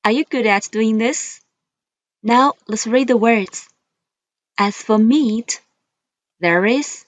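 A woman teaching English vocabulary at a very slow, deliberate pace, saying each word twice so pupils can repeat it. Her voice sits fairly high and is recorded close and dry, with no room sound. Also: no echo. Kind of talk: classroom vocabulary drill.

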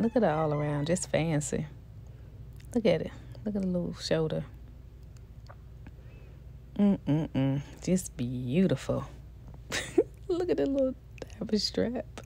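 A woman's voice: lowish voice, creaky, mellow, slightly rough. Gushing woman unboxing a doll. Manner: gushing, repeats herself, talks to viewers directly. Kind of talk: excited unboxing chatter.

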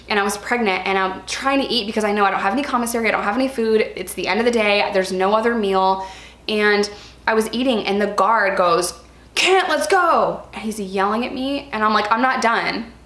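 A woman's voice: mid-range voice, fast talker, a bit bright, roomy sound. A young woman speaking candidly about her own experience in a vlog, earnest and emphatic, repeating words for stress. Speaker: vlogger sharing personal experience. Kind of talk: candid personal vlog talk.

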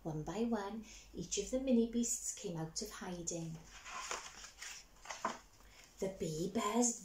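A woman reading a picture book aloud for children, animated and asking her young listeners questions. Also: mid-range voice, slow, pauses often, echoey room, background noise. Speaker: storyteller for children.

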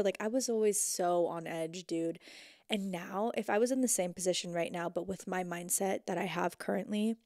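A woman's voice: lowish voice, normal speed, gravelly, darkish tone, dry recording, studio quality. A young woman hosting a podcast, giving a casual motivational talk from the floor. She is emphatic, repeats points for stress and swears freely. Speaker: podcast host. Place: indoors, sitting on the floor.

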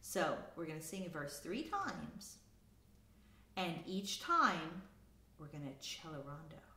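A bright-voiced woman teaching children their choir lessons, drawing each word out slowly and demonstrating every term with her voice. She is recorded in an echoey room at home, with faint instrument sounds in the mix. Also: low voice. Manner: lively, demonstrative, repeat-after-me teaching.

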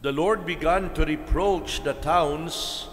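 A Filipino man preaches a homily at a fairly high pitch and takes his time over each phrase. He leaves long pauses between his points. His voice rings out with the long reverb of a church. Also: fairly bright tone. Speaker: priest.

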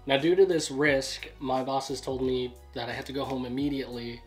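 A young man co-hosting a vlog, telling a story in a relaxed, matter-of-fact way. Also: medium pitch, normal speed, faint music behind. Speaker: vlog co-host. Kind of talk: casual storytime narration.

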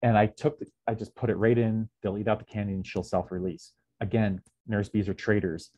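Casual low-voiced man giving a lecture. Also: little pitch movement, brisk, dark tone, no room sound, highs cut off. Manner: casual, lots of ums, acts out dialogue. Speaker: beekeeping presenter. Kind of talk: slide lecture.

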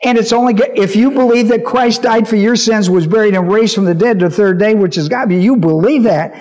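Emphatic high-voiced male pastor. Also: fairly quick, darkish tone. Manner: emphatic, repeats key phrases, checks listeners' understanding. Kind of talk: Bible teaching sermon.

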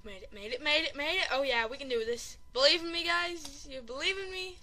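A very high, bright voice from a woman calling out a video game as she plays it. She gets excitable and panicky, piles up repeated exclamations and keeps joking about how bad she is at the game, with a faint hiss under the recording. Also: moderate pace, few pauses. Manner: self-deprecating chatter. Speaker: gaming channel host. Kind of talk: live gameplay commentary.

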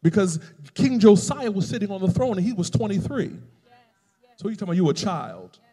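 A male pastor preaching a sermon with emphatic swings between loud and quiet passages. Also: high voice, expressive, fairly quick, husky, long reverb tail.

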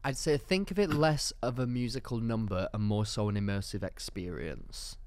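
A man's voice: lowish voice, moderate pace, clear, resonant tone, dry recording. A man co-hosting a podcast in casual comedic chat, playful and theatrical with crude jokes. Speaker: podcast co-host.

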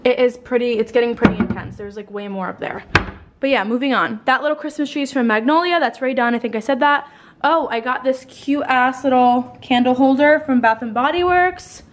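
Young woman vlogger, higher-pitched voice, chatty and rambling, tired and a bit winded, recorded on a handheld camera mic at home. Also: fairly even intonation, brisk, a little hiss or hum. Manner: bubbly, rambling, swears casually. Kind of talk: casual chatty home tour. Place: at home indoors.

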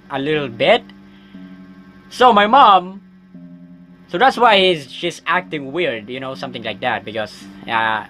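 A man giving jokey, excitable let's play commentary, yelping at scares. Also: a little high. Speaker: gaming YouTuber.

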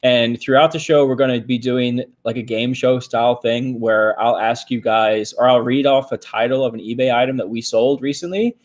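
A man co-hosting a casual live stream, talking in a relaxed, chatty way with plenty of ums and likes. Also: mid-range voice, normal speed, hardly any pauses.

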